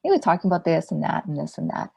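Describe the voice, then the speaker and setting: A woman meditation teacher giving a dharma talk in a gentle, unhurried way, asking rhetorical questions. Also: deep voice, sing-song, creaky, husky.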